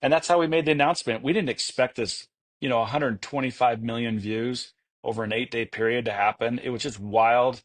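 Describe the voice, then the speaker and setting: This man is a guest in a casual interview. He tells his stories with real enthusiasm, but he rambles and keeps restarting his sentences. His pitch sits in a typical middle range for a man. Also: fairly even intonation, fairly quick. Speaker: guest, entrepreneur.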